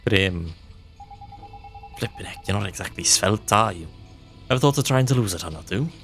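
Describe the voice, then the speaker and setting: Cheeky loudmouth fairy sidekick, as a man puts him on, game voice, bossy and gravelly. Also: on the low side, animated, fairly quick, music in the background.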